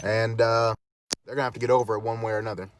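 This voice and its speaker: A man's voice: lowish voice, level tone, rapid-fire, a little hiss or hum. A man speaking as a protest activist, fiery and defiant, hammering points home through repetition. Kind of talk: impassioned direct-to-camera talk.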